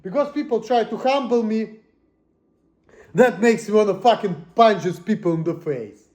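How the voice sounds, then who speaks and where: A high-voiced man rants to the camera, cursing constantly. He swings between low muttering and sudden shouts. The room around him gives the voice a noticeable echo. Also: normal speed. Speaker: vlogger. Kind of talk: angry personal rant.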